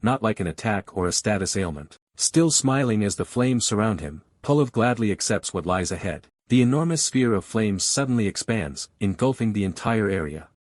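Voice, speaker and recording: A man with a fairly low voice narrates a fantasy comic recap in a steady, even storytelling delivery. The recording is close and dry, with no room sound. He keeps a scripted, measured read throughout. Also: dry recording.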